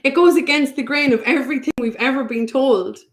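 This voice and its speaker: A woman speaking a touch high, quick to laugh and to tease. She comes across as self-deprecating and a bit worn out, as if run down, in a casual podcast chat. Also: low-quality recording. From Ireland. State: unwell, tired. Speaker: podcast guest. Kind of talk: casual conversation.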